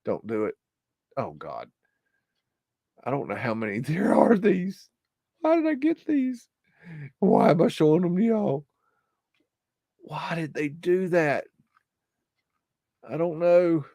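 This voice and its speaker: Hosting a live show, a man slowly works through archive photos, rambling and unsure, muttering exclamations and cursing whenever something unnerves him. His voice is on the high side yet gravelly and dark, with big pitch swings and frequent pauses. The sound is clean studio audio with no room sound.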